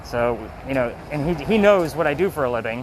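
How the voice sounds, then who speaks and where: A man's voice: mid-range voice, expressive, crowd noise, low-quality recording. A man guiding a ghost tour, telling stories in a loose, casual way with lots of fillers. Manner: fast, loose talker with swearing and fillers. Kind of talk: casual storytelling on a walking tour. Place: outdoors on a city street.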